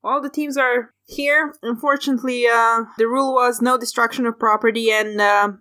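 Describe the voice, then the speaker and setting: A woman's voice: a little high, fairly even intonation, normal speed, sharp tone. A woman voicing a businesslike female official in a tabletop game, announcing the results of a contest to a crowd.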